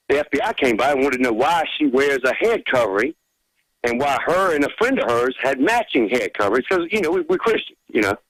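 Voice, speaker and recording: A man calls in to a talk radio show, talking casually with lots of pauses and fillers. His pitch moves about in a lively way, and the sound is dry. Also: no room sound, rough recording. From Georgia, United States. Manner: hesitant, with many fillers. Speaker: caller. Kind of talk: casual phone-in chat.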